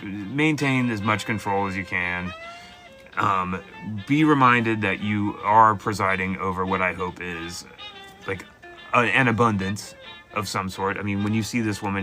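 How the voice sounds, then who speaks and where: A man hosting a live call-in tarot reading, talking casually and playfully to viewers. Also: lowish voice. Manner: animated, playful, jumps into mock voices. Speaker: tarot reader host.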